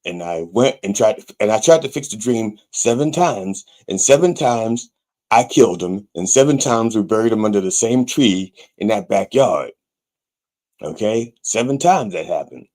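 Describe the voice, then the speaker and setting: A man hosting a comic sermon show, rambling with wry, deadpan asides. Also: lowish voice, moderate pace. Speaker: pastor and show host.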